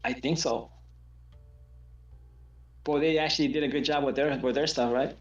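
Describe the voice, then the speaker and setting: A man's voice: medium pitch, fairly even intonation, normal speed, echoey room, muffled recording, soft background music. A man chatting casually as co-host, laid-back, often repeating himself. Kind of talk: casual chat.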